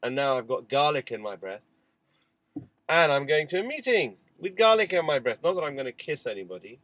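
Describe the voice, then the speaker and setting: Talking openly to the camera, this father meanders through a family anecdote full of digressions, like a spoken diary. His voice is a little high and a bit bright, very animated and slightly fast. There's no echo, though the recording quality is rough.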